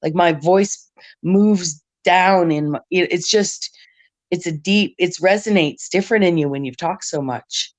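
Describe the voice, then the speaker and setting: A woman hosting a casual live-streamed panel chat, talking at length with a raspy smoker's voice and lots of restarts. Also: on the low side, measured pace. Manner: rambling, talkative, many restarts. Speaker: stream host. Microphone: remote stream call.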